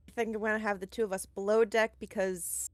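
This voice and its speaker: A woman in a tabletop game talks through her character's moves, hedging constantly with "like" and "kind of". Her voice sits at a middle pitch with a dry, close sound. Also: flat delivery, fairly quick, no echo. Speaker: player. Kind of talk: tabletop role-play, in and out of character.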